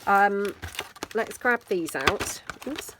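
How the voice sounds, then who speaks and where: A woman's voice: medium pitch, animated, drawn-out words, heavy background noise. A British woman hosting a casual crafting video, chatty and self-deprecating as she thinks aloud while she works. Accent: British English. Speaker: mixed media craft video host. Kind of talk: casual crafting tutorial, talking while working.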